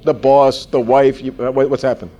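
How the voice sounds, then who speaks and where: A man in his forties giving a sales training seminar to a live audience, animated and folksy, often turning to ask the room questions. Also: medium pitch, normal speed, slight background noise.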